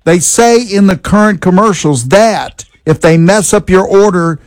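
A male radio co-host in his sixties with a slightly high voice, recorded dry and close. He jokes and interrupts in wisecracking banter. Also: moderate pace, no room sound. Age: 60s. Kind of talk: casual talk radio banter.

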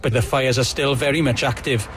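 A man's voice: medium pitch, a little hiss or hum. Male correspondent narrating a news report. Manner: steady, measured narration.

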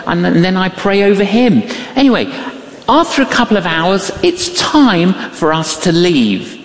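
Slow older preacher in an echoey hall. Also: medium pitch. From outside America. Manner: slow, deliberate storytelling. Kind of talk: sermon with personal stories. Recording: echoey hall with long reverb.

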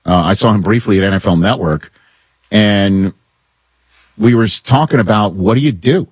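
A man hosting a sports talk show, giving opinions in an animated, incredulous way as he riffs with his co-hosts. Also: fairly low pitch, normal speed, slightly rough, no room sound, studio quality.

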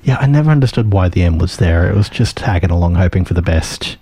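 A man's voice: deep voice, animated, fast talker, dark tone, slightly rough. A man co-hosting a late-night radio show, chatting wryly and drifting into tangents. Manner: wry, chatty, tangent-prone. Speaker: radio co-host. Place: radio studio.

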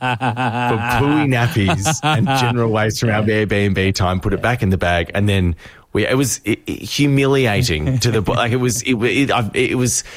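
A man's voice: lowish voice, moderate pace, no echo, clean studio sound. A man, hosting a radio show and telling a story animatedly, with many restarts and put-on quotes. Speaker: radio host. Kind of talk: casual radio banter and storytelling. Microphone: studio microphone.

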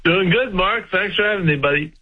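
Easygoing CEO guest on a tinny line. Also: male voice, high voice, brisk. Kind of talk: radio interview.

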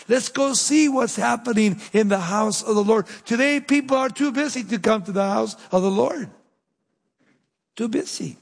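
A man preaching a sermon with emphatic delivery, dropping low and slow to stress key points. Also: gravelly, big-room sound. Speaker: pastor.

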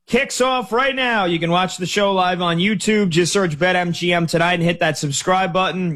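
A male sports radio host talks into a studio microphone in a somewhat high voice. He rants in an animated, exasperated way. The delivery is loose and conversational.

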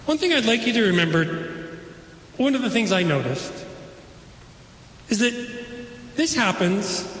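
A pastor preaching a sermon, conversational, with playful asides to the congregation. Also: male voice, sits high, a bit bright. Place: church sanctuary. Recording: echoey sanctuary, long reverb.

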